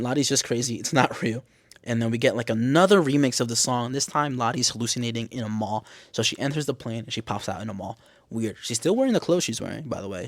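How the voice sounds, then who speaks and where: A young man giving a casual, animated episode recap, swearing freely and jumping into exaggerated high-pitched reactions. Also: no echo. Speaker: podcast host recapping a TV episode.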